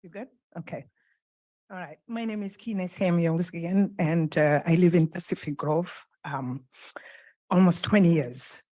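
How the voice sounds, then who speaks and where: Lady w french accent at a council podium mic, slightly low voice, earnest, stops n restarts a lot. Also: mellow. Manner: earnest, halting, with pauses and restarts. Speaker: public commenter. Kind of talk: public comment at a council meeting. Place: council chamber. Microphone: podium microphone, close.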